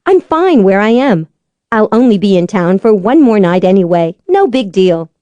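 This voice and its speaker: A woman's voice: medium pitch, sing-song, warm tone, no room sound, highs cut off, close to an everyday voice. A woman voicing a defensive, independent young heroine in an audiobook. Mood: firm. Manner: quick, defensive. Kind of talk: audiobook character voice.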